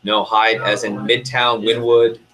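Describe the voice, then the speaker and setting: A young man, a sales division manager, speaking to a room of reps in a lively motivational meeting, full of quick asides. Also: on the low side, crowd noise.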